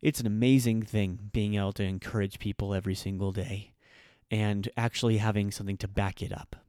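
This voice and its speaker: A man's voice: fairly low pitch, flat delivery, fairly quick, mellow, clear, resonant tone, no room sound, clean studio sound. A man hosting a podcast, speaking heartfelt thanks with emotion and frequent hesitations. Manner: emotional, hesitant with many ums. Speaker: podcast host.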